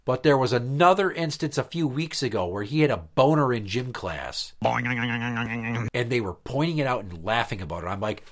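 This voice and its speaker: A man hosting a podcast, telling a story bluntly in casual chat, swearing and slowing down for emphasis. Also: medium pitch, animated. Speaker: podcast host.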